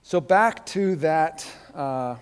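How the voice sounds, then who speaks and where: A man's voice: on the high side, expressive, very slow, clean tone, long reverb tail. A man teaching a Bible class in a conversational, digressive sermon style with joking asides.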